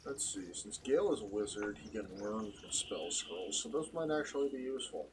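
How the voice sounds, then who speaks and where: A man's voice: lowish voice, brisk, slight background noise. Joking young man playing a game. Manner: joking, swearing, excitable trash talk. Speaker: gaming streamer. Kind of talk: casual gameplay commentary.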